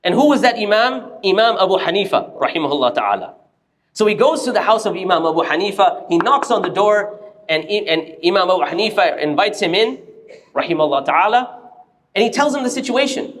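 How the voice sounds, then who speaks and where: High-voiced man preaching a sermon. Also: fairly quick. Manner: animated storyteller, acts out quoted voices. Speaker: preacher giving a Friday sermon. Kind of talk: storytelling sermon. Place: mosque.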